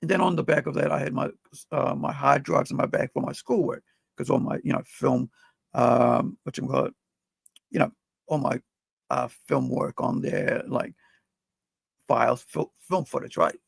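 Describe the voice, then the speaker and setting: Man with a gravelly, husky voice and a dry sound who tells a story in halting, rambling bursts. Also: mid-range voice, steady tone, dry recording. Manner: rambling, halting, full of "like" and "you know". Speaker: podcast co-host. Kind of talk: emotional personal storytelling.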